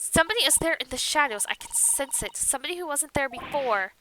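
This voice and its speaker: A woman's voice: high-pitched, animated, quick pace, very noisy. A woman voicing a poised young Japanese female assistant who speaks politely and formally. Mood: stern. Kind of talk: game dialogue read aloud.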